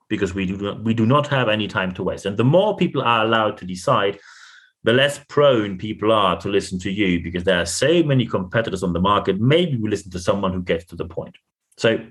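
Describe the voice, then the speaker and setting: A man with a German accent, speaking English as a second language, hosting a solo leadership podcast and repeating phrases for emphasis. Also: fairly low pitch. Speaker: podcast host and leadership coach.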